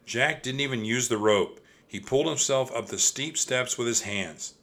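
Guy reading a kids chapter book aloud, bright voice, steady and expressive. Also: mid-range voice, moderate pace. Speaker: narrator. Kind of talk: audiobook storytelling.

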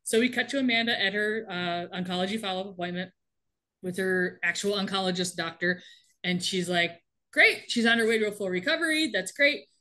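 A woman in casual chat, recapping a TV episode with lively, laughing delivery and quick acted-out lines. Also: medium pitch. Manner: animated, laughing often, acts out characters' lines. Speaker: podcast co-host recapping a TV episode.

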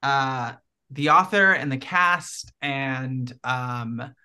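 A man's voice: medium pitch, drawn-out words, sharp tone, clear, resonant tone. A man talking as a podcast guest, telling a story in casual chat, full of likes and ums.

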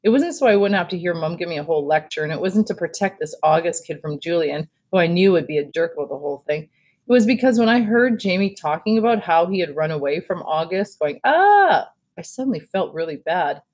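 A woman reading a children's novel aloud in an even, steady way as host of a read-aloud series. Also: fairly low pitch, quick pace.

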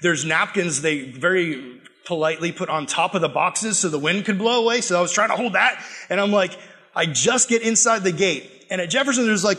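This young man preaches to a room of students in a loose, playful way, jumping into little acted-out voices as he tells his stories. His voice sits high for a man and rings bright and forceful. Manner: animated, joking, acts out quoted voices. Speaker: youth pastor. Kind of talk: casual sermon to students.

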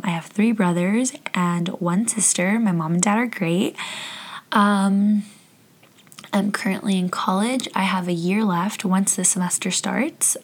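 A woman in her twenties from Southern California hosts a casual solo podcast. She is excited and chatty, says um often, and her voice is going hoarse. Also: medium pitch. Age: 20s. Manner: chatty and excited, with frequent ums. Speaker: podcast host. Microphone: studio microphone.

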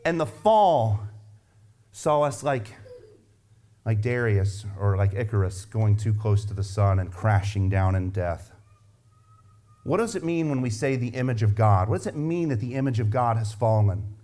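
A man's voice: lowish voice, expressive, measured pace, mellow. Emphatic male pastor preaching. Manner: emphatic, rhetorical questioning with repetition. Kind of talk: sermon.

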